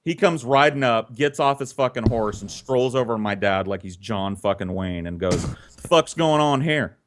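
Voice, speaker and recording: A man telling a story casually, animated and profane, laughing often. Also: lowish voice, moderate pace. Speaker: podcast storyteller.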